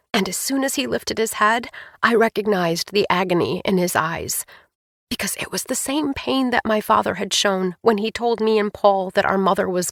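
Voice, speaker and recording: A woman's voice: medium pitch, dry recording, studio quality. A woman narrating a first-person novel as an audiobook, reading expressively.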